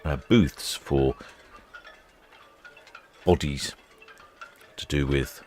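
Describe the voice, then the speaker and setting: A man with a very deep voice gives relaxed live commentary. He rambles from thought to thought and fills the gaps with plenty of uhs. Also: drawn-out words, faint music behind. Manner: chatty, rambling, with many fillers. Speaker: ship-watching livestream host.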